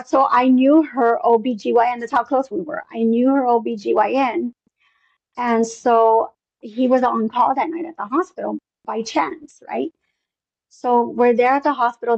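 Gravelly, husky woman telling a story. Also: fairly high pitch, dry recording, muffled recording. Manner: rambling, many fillers, acts out dialogue. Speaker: interview guest. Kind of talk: personal storytelling.

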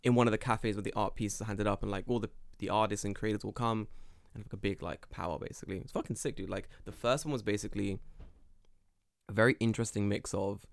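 A young British man co-hosting a casual podcast, telling stories with lots of swearing and quick impressions of people. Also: lowish voice, creaky, no echo. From United Kingdom. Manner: animated storyteller, mimics people, swears freely. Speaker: podcast co-host. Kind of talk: casual chat.

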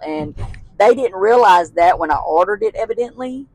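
A woman's voice: a little high, wildly swooping pitch, moderate pace, no room sound, poor audio. A woman, a guest telling childhood stories in casual chat, laughing often and using folksy phrasing. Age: 60s.

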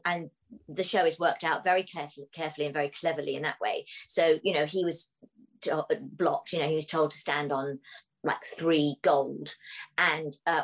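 Give me an animated middle-aged British woman recounting theatre stories. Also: sits low, rough recording. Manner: animated storyteller who laughs often. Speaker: musical theatre actress, guest. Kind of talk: casual anecdotal chat.

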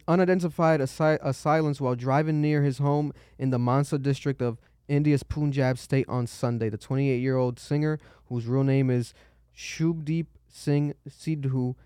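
A man hosts a podcast, riffing casually on the news with plenty of swearing. He gets animated and jumps way up in pitch whenever he mimics someone. The sound is close and dry, with little room around it. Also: clear, resonant tone, no echo. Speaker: podcast host.

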